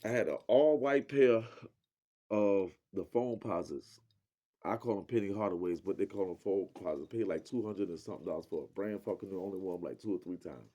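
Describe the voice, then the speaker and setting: Profane low-voiced man telling a story. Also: a little fast. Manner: profane, animated, acts out quoted lines. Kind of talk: casual spoken storytelling.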